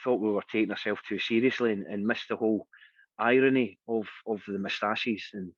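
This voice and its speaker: A Scottish singer being interviewed, telling anecdotes in a casual, animated way and acting out the voices of the people in them. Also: male voice, on the low side, fairly quick, husky, no echo. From Scotland. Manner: lively anecdotal storyteller, acts out quoted voices. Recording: dry, dull lo-fi sound.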